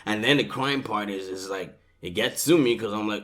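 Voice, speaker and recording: A man's voice: fairly low pitch, moderate pace, hardly any pauses, fairly bright tone. A man hosting a podcast, chatting casually, swearing freely and laughing often. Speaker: podcast host. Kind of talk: casual chat.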